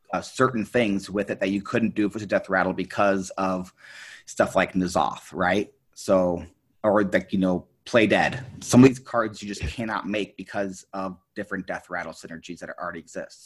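Deep husky guy hosting a card game podcast, brisk, a bit teasing. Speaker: podcast host. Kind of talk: casual chat about a card game.

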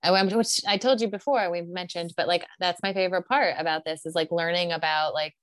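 A woman's voice: on the low side, fairly even intonation, fairly quick, no echo, studio quality. A woman co-hosting a podcast, chatting casually about reality TV, laughing often and using lots of fillers. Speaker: podcast co-host.

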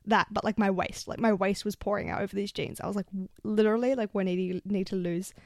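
A woman's voice: medium pitch, steady tone, quick pace, vocal fry, no room sound, clean studio sound. Swearing chatty woman in her twenties. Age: 20s. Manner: chatty, swears a lot, lots of fillers. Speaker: vlogger. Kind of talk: casual storytelling. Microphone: handheld microphone.

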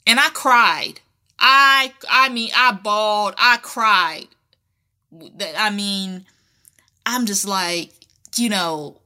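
Bright-voiced woman telling her story. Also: mid-range voice, drawn-out words, long pauses. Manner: candid and conversational, with colloquial phrasing and frequent restarts. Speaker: podcast host. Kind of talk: casual personal talk.

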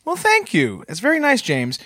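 A man co-hosting a comedy podcast in earnest, mild banter with a quick chuckle. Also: very high-pitched, wildly swooping pitch, pushed and bright, dry recording, clean studio sound. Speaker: podcast co-host.

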